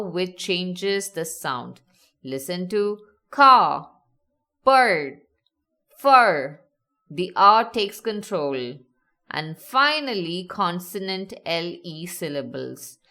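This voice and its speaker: A woman narrating a scripted lesson, slowly sounding out example words with clear enunciation. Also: fairly low pitch, pushed and bright. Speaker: teacher.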